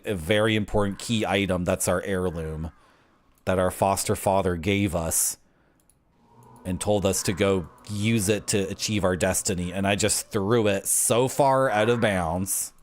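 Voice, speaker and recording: A man streaming a game live, talking in a rambling, jokey way and drifting into tangents. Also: deep voice. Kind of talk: live gameplay commentary. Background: game music.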